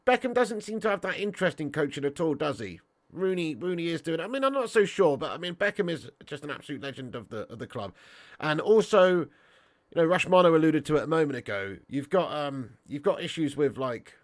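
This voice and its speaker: A man's voice: fairly high pitch, big pitch swings, brisk, dry recording. A man hosting a football fan stream, chatting bluntly with viewers and swearing freely, with a stuffy nose. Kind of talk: casual live-stream chat reading viewer comments.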